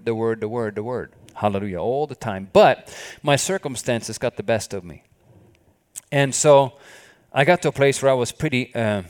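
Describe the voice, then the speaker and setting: A man preaching a sermon with fervor, often stopping to say hallelujah. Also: mid-range voice. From not from the country where he studied. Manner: fervent, repeats hallelujah often.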